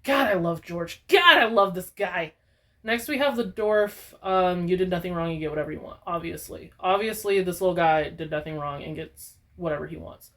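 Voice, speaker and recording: A woman's voice: fairly low pitch, normal speed. Young woman ranting with lots of swearing. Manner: profane, animated, exaggerated ranting. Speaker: gaming YouTuber. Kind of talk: casual ranting vlog.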